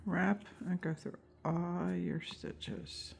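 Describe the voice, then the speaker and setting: A woman's voice: on the low side, fairly even intonation, slow pace, gravelly, few pauses, darkish tone, a little hiss or hum. A woman teaching a crochet tutorial step by step, counting stitches aloud with chatty asides, and she has the hiccups. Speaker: crochet instructor.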